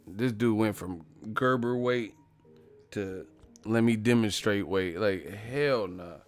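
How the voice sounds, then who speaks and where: A man's voice: lowish voice, slow pace, soft background music. A man hosting a boxing channel, riffing in a loose, profane comedic rant and laughing often. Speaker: boxing commentator.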